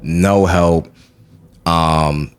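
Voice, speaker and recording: A man talking casually as a DJ guest on a podcast, slangy and animated, often asking "you know what I'm saying". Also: deep voice, extremely slow, clean tone. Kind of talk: casual interview chat.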